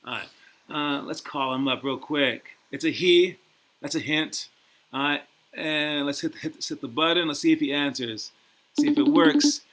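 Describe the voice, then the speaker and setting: Rambling, bright-voiced male host. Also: on the high side, moderate pace. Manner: rambling, repeats "all right?" often; laughs easily, teasing. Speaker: basketball program host and coach. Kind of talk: casual motivational talk and interview.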